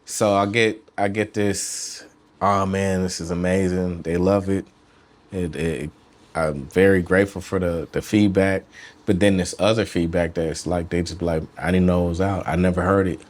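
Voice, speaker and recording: A man with a very deep, low-pitched voice talks loosely and casually as a studio interview guest. He drifts between thoughts, trails off and picks back up in relaxed slang. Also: normal speed. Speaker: musician guest.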